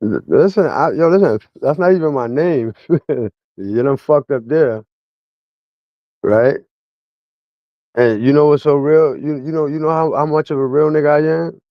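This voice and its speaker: A man's voice: fairly high pitch, measured pace, pauses often, no room sound, highs cut off. A man livestreaming a casual rant at his chat in a mocking, slang-heavy way.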